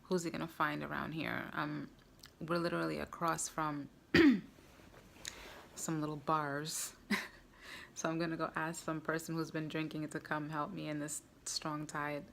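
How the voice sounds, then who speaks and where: A woman's voice: low-pitched, level tone, a little slow, gravelly, a bit bright, slight background noise. A woman vlogger earnestly recounting a personal story to camera, with frequent fillers.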